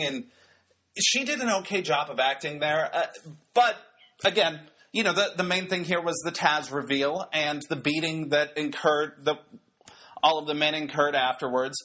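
A wrestling show reviewer walks through an episode in a casual, wry podcast commentary packed with ums and asides. His slightly high voice sounds bright and forward, carrying a faint husk.

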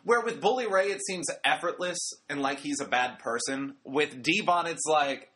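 A man's voice: on the high side, normal speed, few pauses, sharp tone. A man hosting an audio recap of a wrestling show, talking in a casual, rambling way with jokey asides. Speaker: wrestling podcast host.

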